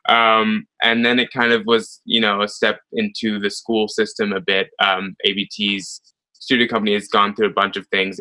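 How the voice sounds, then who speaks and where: A young man, a ballet dancer being interviewed, telling stories in a chatty way with many pauses and fillers. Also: lowish voice, poor audio. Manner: chatty, many ums, animated retelling. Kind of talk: casual interview storytelling.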